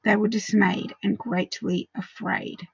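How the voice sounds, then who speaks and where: Husky gravelly woman teaching scripture. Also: mid-range voice, fairly even intonation, unhurried, no room sound, dull audio. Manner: explains verses conversationally with frequent ums. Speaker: Bible study teacher. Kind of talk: casual Bible teaching.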